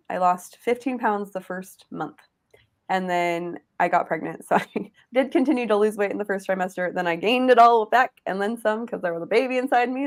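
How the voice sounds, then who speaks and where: A woman with a somewhat low-pitched voice, co-hosting a casual livestream. She tells her story in a loose, rambling way, with many small fillers and restarts. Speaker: livestream co-host.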